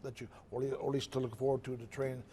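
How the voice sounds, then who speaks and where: Fast-talking older man telling fight stories. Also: medium pitch, level tone, dark tone, slight background noise. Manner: rambling, self-correcting, chuckles at own stories. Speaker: retired boxer, interview guest. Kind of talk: casual storytelling interview.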